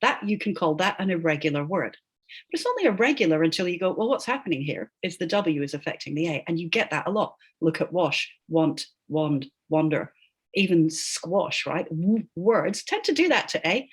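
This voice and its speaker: A woman's voice: fairly low pitch, sing-song, moderate pace, husky. A woman who is a linguist, giving emphatic, explanatory answers as an interview guest and often tagging her points with "right?". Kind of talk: animated explanatory interview talk.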